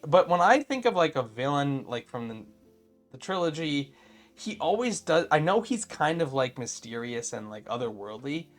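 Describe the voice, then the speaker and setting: A man co-hosting a casual review chat, animated and exasperated, with lots of fillers and restarts. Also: on the high side. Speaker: podcast co-host.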